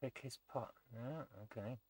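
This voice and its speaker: A man hosting a let's play, thinking aloud and muttering as he tries things, often trailing off quietly. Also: mid-range voice, a little slow, dry recording. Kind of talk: gameplay commentary.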